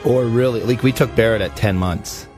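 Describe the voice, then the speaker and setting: A man co-hosting a comedy podcast, chiming in with quick short reactions and jokes in casual chat. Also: medium pitch, darkish tone, faint music behind. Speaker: podcast co-host.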